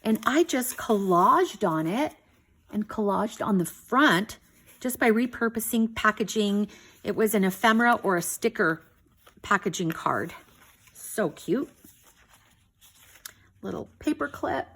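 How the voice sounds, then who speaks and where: A woman hosting a casual craft flip-through video, excited and gushing, often saying "you guys" and a little out of breath. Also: mid-range voice, a little slow, long pauses, slightly rough. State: slightly out of breath. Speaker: craft channel host.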